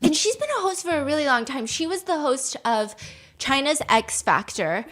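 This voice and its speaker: A woman hosting a podcast, telling a gossip story in a casual, animated way, laughing often and acting out what people said. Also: high-pitched, normal speed. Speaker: podcast host.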